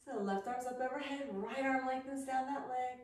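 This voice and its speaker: A woman leading a yoga class, calmly cueing poses, counting holds and reminding the class to breathe. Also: high voice, normal speed. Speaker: yoga instructor. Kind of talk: guided yoga class instruction. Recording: very echoey room, voice from a distance with faint noise.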